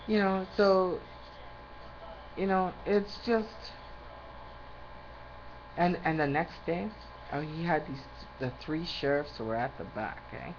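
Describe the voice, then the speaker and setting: A woman's voice: fairly low pitch, slow pace, pauses often. Woman ranting, rambly and fired up, kinda muffled recording w/ faint hiss behind. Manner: rambling, loses her train of thought; indignant, ranting. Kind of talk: rambling monologue to camera. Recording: slightly muffled with faint background noise.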